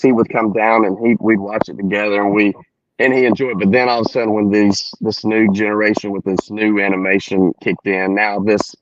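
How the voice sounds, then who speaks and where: Talk slowly and easygoing Tennessee country man, lo-fi. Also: lowish voice, no room sound. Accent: Tennessee Southern country. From Tennessee, USA. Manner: relaxed drawl, laughs easily, rambling storyteller. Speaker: guest. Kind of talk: casual podcast chat. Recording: dull, lo-fi, dry sound.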